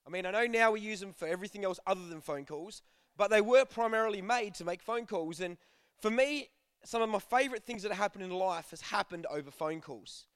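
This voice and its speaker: A man's voice: high voice, fairly quick, fairly bright tone, smooth, no room sound, clean studio sound. A young man giving a casual, joking sermon to a youth group, telling stories and acting out bits of dialogue. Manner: chatty, jokey, acts out dialogue. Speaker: youth preacher.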